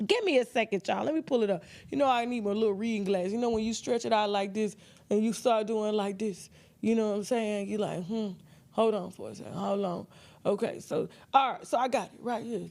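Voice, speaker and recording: A woman giving dramatic livestream gossip commentary, acting out what others said in shifting voices. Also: a little high.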